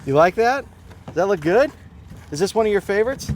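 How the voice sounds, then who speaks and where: A man's voice: sits high, lively intonation, fairly quick, slight background noise. A man hosting a comedy cooking segment outdoors at a tailgate, teasing his guest in playful banter. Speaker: comedy show host. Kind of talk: joking cooking segment interview. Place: outdoors at a stadium parking lot tailgate.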